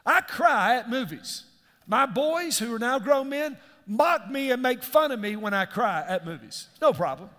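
A man's voice: very high voice, very animated, unhurried, bright, forceful tone. A middle-aged man, preaching a sermon and asking his congregation questions as he goes. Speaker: pastor. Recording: long hall reverb.

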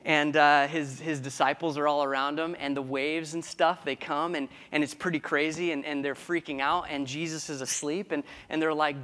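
A male pastor delivers a sermon in a casual, conversational way. His voice sits a little high for a man, and he often restarts phrases mid-thought. He keeps checking in with his listeners with quick questions. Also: fairly even intonation, fairly bright tone. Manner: conversational preaching with frequent restarts and questions to the congregation.

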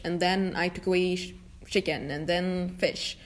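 A woman's voice: fairly low pitch, moderate pace. A young woman hosting a casual chat, rambling with many fillers. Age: young adult. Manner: relaxed, rambling speaker with frequent fillers and restarts. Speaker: podcast host.

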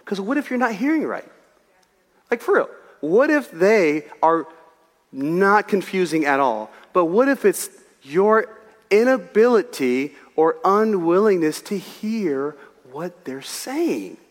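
Animated preacher man, echoing hall. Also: high-pitched, slow pace. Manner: animated, conversational preaching with humor. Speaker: pastor. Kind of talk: sermon.

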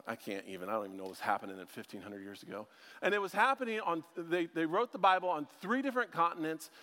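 A man with a fairly high voice preaching to a church, talking casually and breaking in with jokes at his own expense. His voice rings out with a long reverb off the big sanctuary walls. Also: bright, forceful tone. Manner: joking, chatty, self-deprecating asides. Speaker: preacher and ministry school teacher. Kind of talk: casual conversational sermon.

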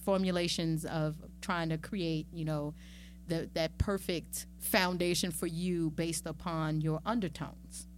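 A middle-aged woman talking as a podcast guest in a casual, lively and playful way, with chatty asides. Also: deep voice, a little slow, slight background noise. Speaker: podcast guest, magazine founder. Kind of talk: casual conversational interview.

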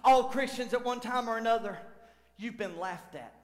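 Middle-aged male pastor, very high voice, fervent sermon delivery, roomy hall reverb. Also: moderate pace. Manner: fervent preaching that swings from loud exclamations to low asides. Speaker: lead pastor. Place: church sanctuary. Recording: echoey church hall with long reverb.

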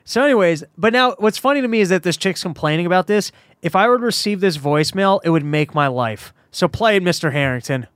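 A man's voice: high-pitched, lively intonation, quick pace, hardly any pauses, clean tone, dry recording, studio quality. A man hosting a podcast, blunt and profane, mocking in casual chat. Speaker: podcast host.

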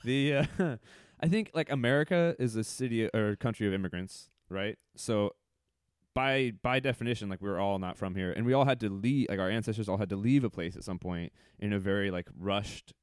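A man, a stand-up comedian guesting on a podcast, chatting casually, laughing often and jumping into lively voices when he tells stories. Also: lowish voice, a little fast, clean tone, no echo, studio quality. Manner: laughs often, storytelling with lively put-on quotes. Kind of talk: casual chat.

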